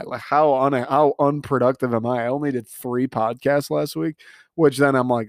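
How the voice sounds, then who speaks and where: Rambling sarcastic young man, crisp and dry. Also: mid-range voice, little pitch movement, moderate pace, a little mellow, no echo. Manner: rambling, sarcastic and self-mocking. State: has the hiccups. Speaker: podcast host. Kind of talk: casual solo podcast monologue.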